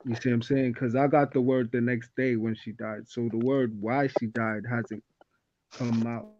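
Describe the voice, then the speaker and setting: Man, halting and repetitive, dry close sound, muffled lo-fi audio. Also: medium pitch, level tone, darkish tone, no echo. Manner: halting, restarts often, "you see what I'm saying". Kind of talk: casual group discussion. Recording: dull lo-fi sound.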